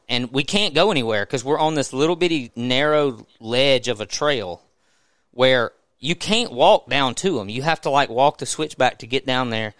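A man with a Southern US accent, a podcast host telling a story in a casual, animated way, often restarting his sentences. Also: mid-range voice, clear, resonant tone, no room sound.

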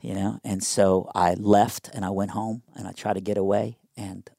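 A young man telling a personal story in a casual interview, animated and conversational with lots of fillers. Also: fairly low pitch, moderate pace, vocal fry, no room sound, studio quality.

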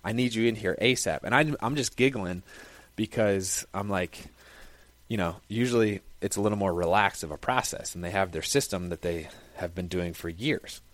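Young male athlete, low-pitched, casual storyteller, dry close sound. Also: moderate pace, no echo. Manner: conversational, lively recounting. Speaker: football player. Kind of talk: casual first-person storytelling.

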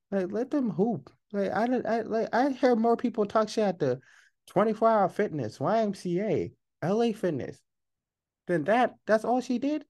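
Woman host, heated casual sports rant, profane and emphatic, relaxed low-brightness tone. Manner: profane, emphatic, rapid rhetorical questions. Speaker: podcast host. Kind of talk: casual ranting commentary.

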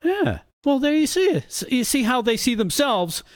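A man's voice: extremely high pitch, sing-song, normal speed. A man hosting a satirical comedy segment, delivering mock-cheerful, mocking commentary with frequent laughs. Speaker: host of a political comedy segment.

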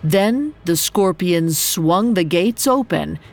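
A woman reads a myth aloud in calm, measured narration. She speaks slowly in a slightly low voice, with soft music underneath. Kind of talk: scripted narration.

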